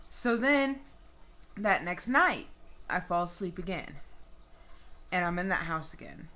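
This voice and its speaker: A woman vlogger telling a personal story in a casual, animated way, swearing freely. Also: lowish voice, slow pace, long pauses.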